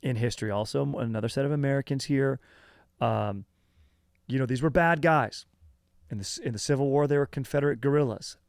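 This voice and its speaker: Rambling, gravel-voiced man hosting a podcast. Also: medium pitch, a little fast, dry recording. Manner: rambling, loose, with many fillers and "dude". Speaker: comedy history podcast host. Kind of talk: casual comedic chat.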